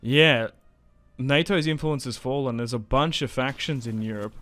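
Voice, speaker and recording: A young man giving casual, chatty commentary while playing a strategy game, getting excited and laughing often. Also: medium pitch, moderate pace, no room sound, faint music behind. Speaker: gaming YouTuber.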